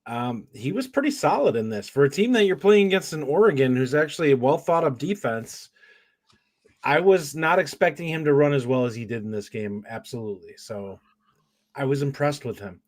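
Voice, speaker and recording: A man co-hosting a casual sports podcast, talking in a measured, agreeable way. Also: medium pitch, lively intonation. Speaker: podcast co-host.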